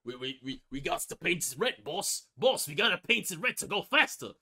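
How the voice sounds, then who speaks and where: Brief: man voicing an excitable orc lackey, British accent, stammery, pitched up. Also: brisk, heavily acted. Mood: excited. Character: eager male orc underling in a British accent.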